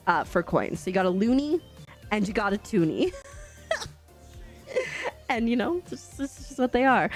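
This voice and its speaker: A chatty woman with a light Canadian accent, laughing often as she talks casually to her live-stream chat while gaming. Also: mid-range voice. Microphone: desk microphone.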